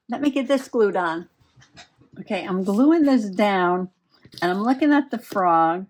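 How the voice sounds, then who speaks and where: A woman chatting and giggling as she works on a craft project. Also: medium pitch. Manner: chatty, giggly, talks while working. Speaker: crafting vlogger. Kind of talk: casual crafting chat.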